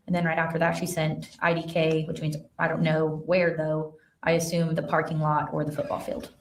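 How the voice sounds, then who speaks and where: A woman witness testifies in a courtroom, her voice set somewhat low and heard from a distance. She reads out messages in a careful, matter-of-fact way, pausing on the odd filler, while the room adds a roomy echo around her. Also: monotone, slight background noise. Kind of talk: courtroom testimony, reading texts aloud. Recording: echoey courtroom sound from far off the mic.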